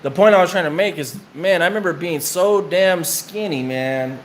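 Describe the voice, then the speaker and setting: A man's voice: high voice, normal speed, a little hiss or hum. A man casually telling rambling, profane prison stories in slang while his friend draws on him. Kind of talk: casual storytelling while getting tattooed.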